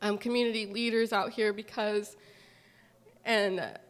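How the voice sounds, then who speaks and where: A young woman from Southern California, a farm manager, speaking at a public gathering in a halting, tearful, apologetic way. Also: mid-range voice, fairly even intonation. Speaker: farm manager sharing a personal story. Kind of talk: emotional public testimony. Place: large hall at a community gathering. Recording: long hall reverb.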